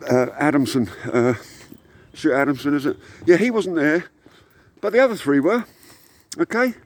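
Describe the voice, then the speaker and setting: A man in his sixties from England, a rock musician delivering a heated, rambling monologue to camera with frequent hesitations. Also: on the high side. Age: 60s.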